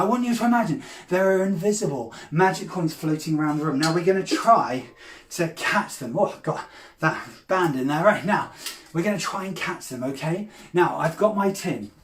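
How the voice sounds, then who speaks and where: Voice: medium pitch, far from the mic. A children's magician, talking straight to the boys and girls at home with big gasps and cries of surprise. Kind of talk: lively kids' magic show patter. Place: room at home during lockdown. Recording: echoey room, off-mic, faint noise.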